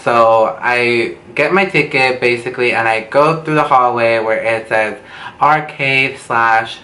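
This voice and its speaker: Recorded on a camera mic at home, a young man who's a beauty vlogger spills a gossipy, profanity-laced story with plenty of drama. His mid-range voice comes across bright and forceful at a slightly slow pace, in a roomy space with faint background noise.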